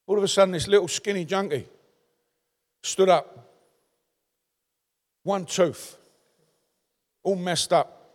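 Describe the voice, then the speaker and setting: High-voiced Cockney preacher in a reverberant hall. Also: male voice, slow pace, long pauses. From London, England. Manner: animated storytelling with crowd call-outs. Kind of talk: sermon.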